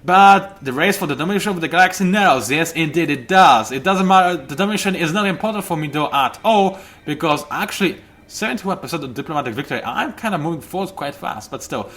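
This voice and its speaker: A man's voice: on the high side, expressive, fast talker, hardly any pauses, fairly bright tone. A man hosting a let's play, giving chatty, rambling gameplay commentary and often correcting himself.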